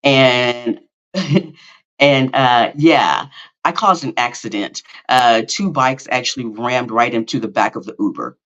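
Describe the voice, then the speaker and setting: Middle-aged man, podcast host, rambling casual storytelling, mid-pitched voice, slightly muffled lo-fi audio. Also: takes it slowly. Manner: rambling, with many fillers and self-corrections; animated, self-mocking storytelling.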